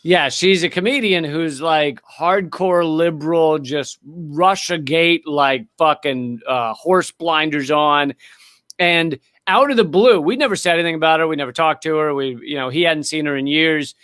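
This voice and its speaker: Male comedian guest, slightly high voice, dry close sound, rapid anecdotal storyteller. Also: a bit bright, no room sound. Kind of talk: casual anecdotal chat.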